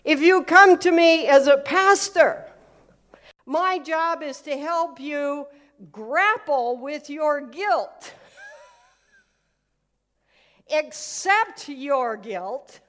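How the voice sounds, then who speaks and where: Woman pastor with a high voice, preaching with humorous stories and loud acted-out prayers. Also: very slow, pauses often. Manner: storytelling with humor, acting out prayers loudly. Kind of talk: live sermon.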